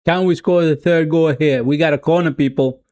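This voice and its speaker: A man with a Swedish accent streaming a live football watch-along, excitedly cheering on his team and chatting casually with viewers. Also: fairly high pitch, moderate pace, dry recording. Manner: self-mocking, casual asides to viewers.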